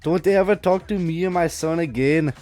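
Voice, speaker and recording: A man voicing a brash, foul-mouthed Scottish woman wrestler in a put-on Scottish accent, loud and mocking. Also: fairly high pitch, normal speed, faint music behind, natural voice.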